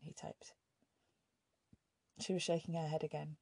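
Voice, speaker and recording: Gravelly, low-voiced woman narrator. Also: level tone, unhurried, a little mellow, dry recording. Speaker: audiobook narrator. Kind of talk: scripted narration.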